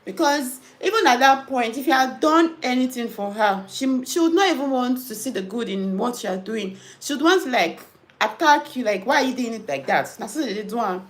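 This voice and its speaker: A young Nigerian nurse chatting casually, reading comments and telling animated stories with pidgin phrases mixed in. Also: female voice, a little high, brisk. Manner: animated storytelling, mixing in pidgin. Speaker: nurse and host.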